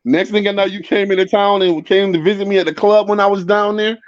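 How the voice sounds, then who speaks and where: Guest, 50s man, higher voice, crude and rowdy, dull lo-fi sound. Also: fairly even intonation, fast, no room sound. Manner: rowdy, profane, mimics others in a deeper voice. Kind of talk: casual chat.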